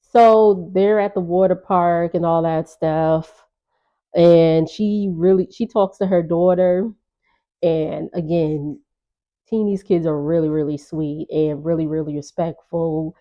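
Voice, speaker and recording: Chatty woman recapper, low mellow voice, slightly dull lo-fi sound. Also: steady tone, slow pace. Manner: chatty, gossipy, laughing asides. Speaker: reality TV recap vlogger. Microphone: on-camera.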